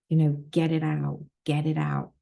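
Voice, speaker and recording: Female manifestation coach, low gravelly voice, emphatic and repetitive, casual vlog delivery. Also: mellow. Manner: emphatic, repeats phrases, swears freely.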